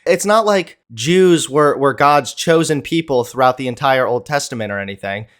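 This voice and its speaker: A man's voice: mid-range voice, moderate pace, clean tone. A man giving sarcastic reaction commentary in a mocking, incredulous way.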